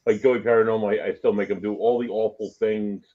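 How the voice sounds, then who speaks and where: A man's voice: on the low side, little pitch movement, fast talker, dark tone, lo-fi sound. A man co-hosting a casual show, bantering and teasing his co-host. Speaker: podcast co-host. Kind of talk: casual chat.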